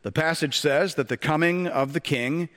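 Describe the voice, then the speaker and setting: A man's voice: on the high side, moderate pace, fairly bright tone, in a large hall. A male pastor preaching a sermon, talking conversationally with joking asides and rhetorical questions to the congregation.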